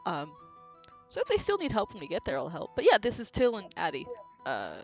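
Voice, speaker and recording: A woman player in a tabletop game, answering in character with quick, casual replies. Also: fairly low pitch, huge pitch swings, faint music behind.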